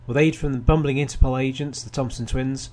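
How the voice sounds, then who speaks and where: Speaking at a medium pitch with a steady tone, this man moves fairly quickly and sounds a little mellow. He's a radio film show host giving a casual review, reading out plot summaries, tossing in wry asides and often restarting.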